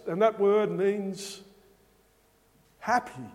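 A man's voice: sits high, big pitch swings, slow pace. A man preaching a sermon, speaking emphatically and asking rhetorical questions. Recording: long hall reverb.

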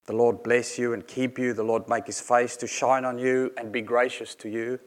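A man's voice: mid-range voice, level tone, moderate pace. A man preaching a sermon in an earnest, explanatory manner, reading scripture aloud and unpacking each verse.

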